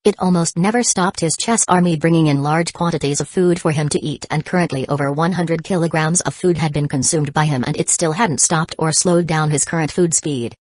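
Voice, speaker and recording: Low voiced woman reading an audiobook, steady, dry no-room sound. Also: brisk, few pauses, dry recording. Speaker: audiobook narrator. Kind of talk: scripted narration.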